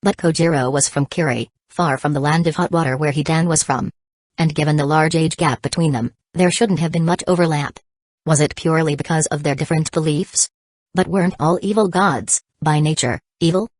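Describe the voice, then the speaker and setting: A woman narrates an audiobook in a steady, even reading. Her voice sits low. The sound is close and dry, with no room around it. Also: fairly quick, no room sound. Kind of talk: scripted narration.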